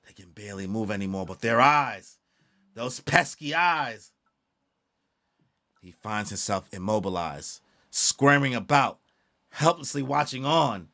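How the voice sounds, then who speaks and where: A man voicing a scornful, menacing male villain while reading a comic aloud, in a lowered, disdainful voice. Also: animated, a little slow, pauses often, bright, forceful tone. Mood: contemptuous.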